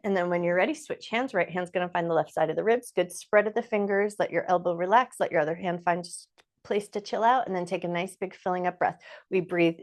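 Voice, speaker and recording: A woman teaching chair yoga, calmly cueing each breath and movement in short, slow phrases. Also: fairly low pitch. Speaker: yoga instructor. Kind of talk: guided chair yoga instruction.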